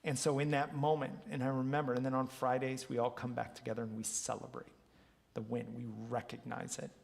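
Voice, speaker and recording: Gravelly-voiced man telling coaching stories. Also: mid-range voice, brisk. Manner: earnest, animated storyteller who acts out quotes. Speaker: wellness coach leading a workshop. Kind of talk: motivational storytelling talk. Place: large hall, live talk. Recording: long reverb of a hall.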